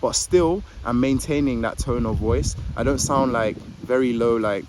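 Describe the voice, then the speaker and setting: Outdoors in a park, a young man with a mid-range voice talks to a phone or camera held facing him, giving casual advice at a moderate pace with few pauses. He rambles, leans on "like" as filler, sounds a little jittery, and stammers on words, while street noise and passing traffic sound in the background.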